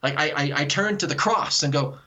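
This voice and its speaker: Earnest, bright-voiced man on talk radio. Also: fairly high pitch, a little fast, dull audio, a little hiss or hum. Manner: earnest, animated, repeats words while thinking. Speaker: guest author. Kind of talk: radio call-in interview.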